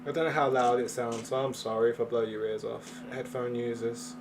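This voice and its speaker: A man's voice: medium pitch, level tone, a little fast, noisy background. A man streaming from home, chatting casually into a desk mic in a rambling, slangy way. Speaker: gaming streamer. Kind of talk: casual live-stream chat. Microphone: desk microphone.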